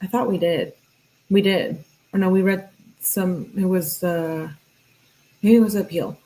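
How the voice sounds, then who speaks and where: Chatty woman with a lowish voice. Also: a little slow, mellow. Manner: chatty, thinks aloud with restarts and asides. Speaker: true crime channel host. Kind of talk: casual commentary while reading text messages aloud.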